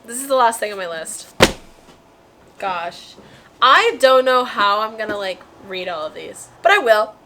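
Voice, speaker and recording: A woman's voice: on the high side, lively intonation, a little slow, noisy background. A young woman talking casually to her viewers about books, bubbly and chatty with lots of fillers. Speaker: book vlogger. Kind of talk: casual chat to camera.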